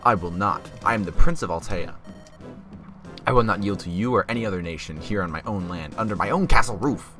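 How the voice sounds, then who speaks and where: Guy voicing a proud young prince, low voice, game music in the back. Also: fairly quick, close to an everyday voice. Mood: earnest. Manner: earnest, defiant.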